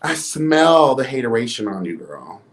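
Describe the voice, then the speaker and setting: A man's voice: mid-range voice, very animated, moderate pace. Sassy, dramatic male gossip vlogger. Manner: sassy, campy and dramatic, with repeated exclamations. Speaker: commentary vlogger. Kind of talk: celebrity gossip commentary.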